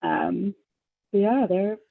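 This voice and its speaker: A young woman from Southern California joins the chat over a thin, phone-like line. Her voice has a gravelly fry, and she wanders through her thoughts with plenty of "like" and "um", casual and unhurried. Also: mid-range voice. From Long Beach, California. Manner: rambling, hesitant, full of "like" and "um". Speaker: podcast guest. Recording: phone-like remote call line.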